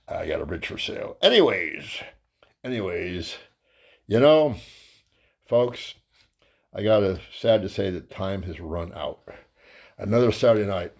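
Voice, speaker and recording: Breathy and full of vocal fry, a man hosting his own comedy program tells a wandering, vulgar stand-up story. Fillers pepper his crude telling, and he jumps up into high voices to act out quotes with plenty of liveliness.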